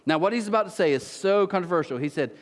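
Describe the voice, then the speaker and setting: Animated male pastor, lively voice, hall reverb. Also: high voice, fast. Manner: animated storytelling with playful asides. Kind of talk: sermon. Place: church auditorium.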